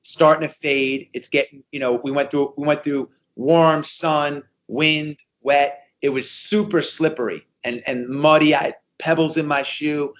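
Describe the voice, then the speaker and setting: Energetic man in his fifties telling stories. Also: on the high side, a little slow, hardly any pauses, lo-fi sound. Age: 50s. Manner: energetic storyteller, repeats himself for emphasis. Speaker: guest. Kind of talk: conversational podcast interview.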